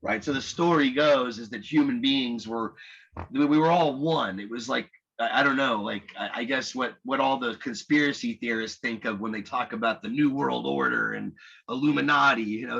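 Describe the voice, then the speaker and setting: A man's voice: medium pitch, vocal fry, fairly bright tone, breathy edge, lo-fi sound. A man teaching a literature lecture in a conversational, rambling way, often restarting his sentences.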